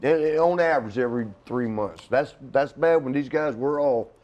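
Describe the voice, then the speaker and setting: A man's voice: mid-range voice, normal speed, a little mellow, lo-fi sound. A middle-aged man telling stories as a guest in a casual studio interview, rambling with frequent restarts and laughing at his own jokes. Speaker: interview guest, retired wrestler.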